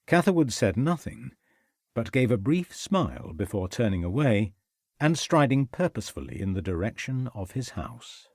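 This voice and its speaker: Male audiobook narrator, expressive and dramatic, husky voice with lively pitch. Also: normal speed, dry recording, studio quality.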